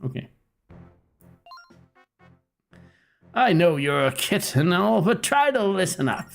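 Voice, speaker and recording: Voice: medium pitch, big pitch swings, moderate pace, creaky, soft background music, pitched above the performer's own voice. Linebeck, a streamer doing a smug pirate captain. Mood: pleading. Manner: smug, wheedling, talks down to a kid. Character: cocky cowardly male ship captain. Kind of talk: voicing game dialogue live.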